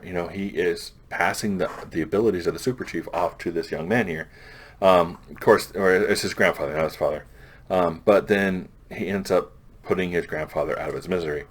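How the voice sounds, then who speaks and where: A man's voice: low-pitched, a little fast, breathy edge. A man casually recapping comic book issues as a reviewer, rambling with restarts and offhand paraphrases of the characters. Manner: loose, rambling plot recap with frequent restarts. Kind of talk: casual chat.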